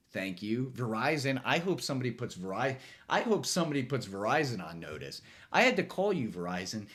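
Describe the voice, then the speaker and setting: A man's voice: medium pitch, fairly bright tone. A young man hosting a casual late-night monologue from a studio, rambling, profane and self-mocking. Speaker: host.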